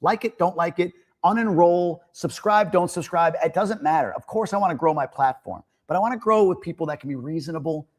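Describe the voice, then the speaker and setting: A middle-aged man from the United States hosting a livestream, chatting casually and speaking his opinions in an animated way. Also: a little high, brisk, hardly any pauses. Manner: animated, opinionated, laughs and rises to near-shouting when joking. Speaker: livestream host. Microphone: streaming mic.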